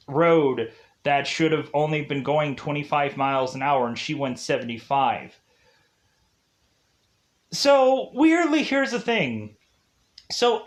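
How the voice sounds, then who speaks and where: A man casually recapping a TV episode in a rambling way, using lots of filler words, laughing at his own jokes and acting out the characters' lines in mocking voices. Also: fairly high pitch. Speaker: TV review host.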